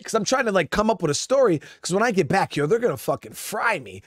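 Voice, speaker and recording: A man with a slightly high voice tells a war story in a loose, rambling style, cursing freely and calling out to his listeners as guys. The sound is dry and close. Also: animated, fast talker, fairly bright tone, dry recording. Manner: profane, rambling, keeps addressing listeners as guys. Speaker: Marine veteran storyteller. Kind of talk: casual spoken storytelling.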